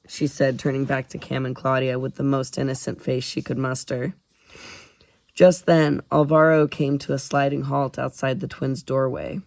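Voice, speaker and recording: A man reading a novel aloud as an audiobook narrator, in an even storytelling way. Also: mid-range voice, a little fast, gravelly, no room sound. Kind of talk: scripted narration.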